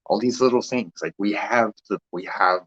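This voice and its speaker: A man's voice: fairly low pitch, moderate pace, a bit bright, breathy edge, highs cut off. A man hosting a casual spiritual talk session. He rambles and meanders, laughs often, and trails off mid-thought.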